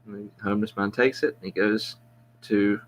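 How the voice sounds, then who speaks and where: A man's voice: lowish voice, level tone, moderate pace. Rambling man telling a joke. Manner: rambling, self-mocking, with frequent restarts. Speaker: podcast host.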